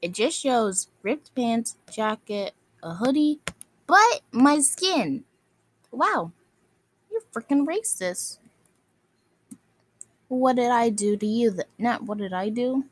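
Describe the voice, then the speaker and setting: She speaks slowly with lively intonation and long pauses, her voice on the high side. The woman is angrily scolding other video makers, insulting them and looping back to the same phrases.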